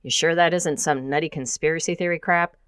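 A woman's voice: low-pitched, steady tone, brisk, a bit bright, smooth, no room sound, clean studio sound. A woman voicing an affectionate, joking middle-aged mother who is a hacker. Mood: teasing.

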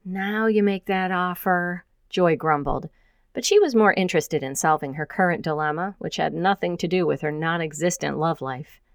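A woman reading a novel aloud as narrator, in an even, plain storytelling manner. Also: low voice, moderate pace, gravelly, dry recording, studio quality. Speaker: audiobook narrator. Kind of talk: scripted narration.

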